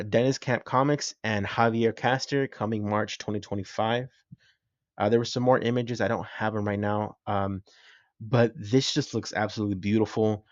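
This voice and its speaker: A man's voice: lowish voice, no echo, highs cut off. A man giving casual, enthusiastic reaction commentary as a vlogger, rambling and swearing freely. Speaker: comics and film reaction vlogger.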